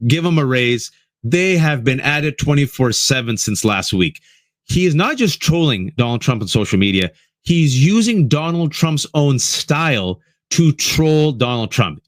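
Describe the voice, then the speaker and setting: A man's voice: medium pitch, no echo, clean studio sound. A man delivering a fiery, sarcastic political monologue, hammering points with emphatic repetition. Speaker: political commentator.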